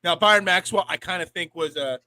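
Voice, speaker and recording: A man's voice: sits high, a little fast, sharp tone, no echo, poor audio. A man co-hosting a sports podcast, rambling in casual chat and often repeating words as he thinks. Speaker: podcast co-host.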